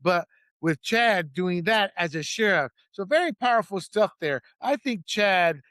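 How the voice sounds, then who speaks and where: Opinionated, high-voiced male political host. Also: lively intonation, a little slow, sharp tone, no room sound, studio quality. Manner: opinionated, jokey, laughs at own jokes. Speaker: political talk show host. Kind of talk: casual political commentary.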